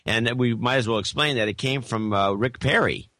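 A man's voice: medium pitch, moderate pace, sharp tone, dry recording, clean studio sound. A man co-hosting a podcast in casual banter, reading out donor notes with amused, rambling restarts. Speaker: podcast co-host.

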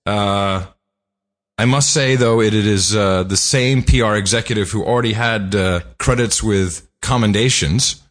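A man co-hosting a podcast in casual chat, talking in a chatty way with many filler pauses. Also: on the low side. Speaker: podcast co-host. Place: studio.

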